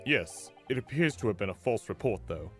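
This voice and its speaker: A man's voice: fairly low pitch, animated, fairly quick, fairly bright tone, soft background music. A man voicing a middle-aged police inspector with a stiff, formal delivery.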